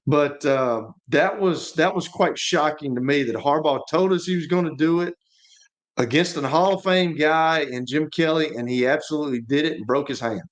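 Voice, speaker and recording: On sports radio, a former quarterback and co-host tells rambling stories at normal speed, his voice on the high side. He keeps repeating and restarting words through the casual sports chat.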